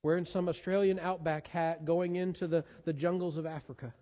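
A man's voice: a little high, steady tone, a little fast, dark tone, long reverb tail. A man preaching a sermon as pastor, earnest and given to repeating words as he searches for the next one. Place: church sanctuary.

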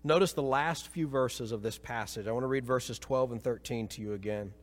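A man preaching a sermon as pastor, swinging from emphatic peaks to quiet low passages. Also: fairly quick. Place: church sanctuary. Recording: long reverb of a church hall.

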